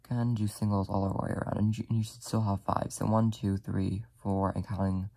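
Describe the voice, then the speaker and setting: Soft, gravelly, low-voiced tutorial host. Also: little pitch movement, fairly quick. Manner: soft-spoken, apologetic, talks while working with frequent "like" fillers. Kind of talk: casual step-by-step tutorial narration.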